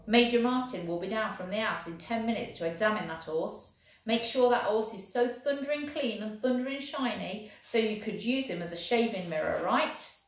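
A woman voicing a booming, gruff male army sergeant who barks orders. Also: animated, normal speed, close to an everyday voice. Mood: bossy. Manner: barking orders. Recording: very echoey room.

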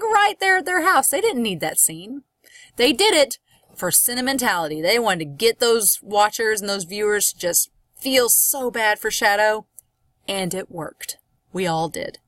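A woman's voice: medium pitch, fairly bright tone, no room sound. A woman, a college English instructor, giving a recorded course lecture in a chatty, explanatory way, with frequent fillers and asides.

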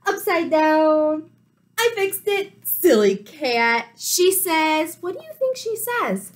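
A woman teacher reading a picture book aloud to young children, animated and full of gasps. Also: high-pitched, takes it slowly.

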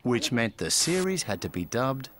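Man narrating a lively documentary. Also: medium pitch, moderate pace, noisy background. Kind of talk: scripted narration. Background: music.

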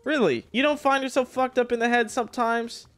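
A man streaming a survival game, chatting casually with a rival, animated and full of cursing and mock-dramatic outbursts. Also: very high voice, fairly quick, smooth, soft background music. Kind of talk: casual gaming chat with a rival.

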